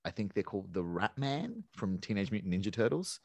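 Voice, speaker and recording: A man's voice: lowish voice, big pitch swings, a little fast, vocal fry, a crowd in the background. A man co-hosting a casual podcast chat about a film, rambling and enthusiastic, swearing now and then.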